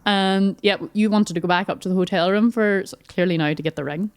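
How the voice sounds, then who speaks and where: A woman co-hosting a podcast, telling a lively story in casual chat and acting out what people said. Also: mid-range voice, brisk, smooth, no room sound. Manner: lively storyteller, acts out quoted dialogue. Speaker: podcast co-host.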